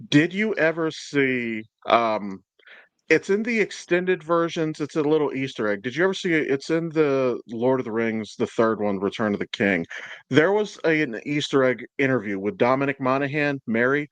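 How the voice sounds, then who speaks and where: A man's voice: mid-range voice, lively intonation, moderate pace, a bit bright, no echo. A man hosting a podcast in casual chat, swearing a lot, rambling and laughing often. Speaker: podcast host.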